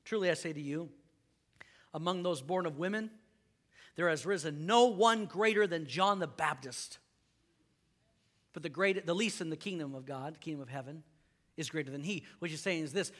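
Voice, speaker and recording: A pastor preaches in a high, bright voice, talking to the congregation as if in casual conversation. He jokes with them, then leans in hard with emphatic, ringing lines. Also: normal speed, pauses often. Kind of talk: sermon.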